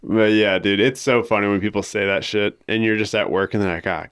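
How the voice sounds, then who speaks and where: Young male podcast co-host, lowish voice, crude joker. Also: flat delivery, fairly quick, fairly bright tone, clear, resonant tone. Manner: joking, profane, laughs often. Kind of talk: casual chat.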